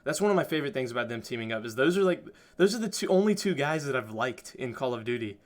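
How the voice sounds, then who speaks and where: A young man hosting a podcast, telling stories in an animated, casual way and laughing often. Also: mid-range voice, quick pace. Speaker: podcast host. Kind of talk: casual chat.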